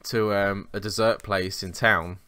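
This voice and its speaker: A young man tells rambling, sweary anecdotes at his own expense. His lowish voice is bright and crisp, with a dry, close sound. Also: fairly even intonation, unhurried, no room sound. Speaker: podcast co-host. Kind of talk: casual chat, storytelling.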